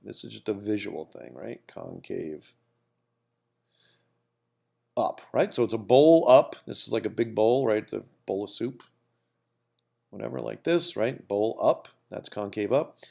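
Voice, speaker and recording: Gravelly-voiced man teaching calculus. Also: lowish voice, lively intonation, measured pace, long pauses, dark tone. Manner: casual, repeats himself, many asides and "okay?" checks. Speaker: math teacher. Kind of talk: whiteboard calculus lesson.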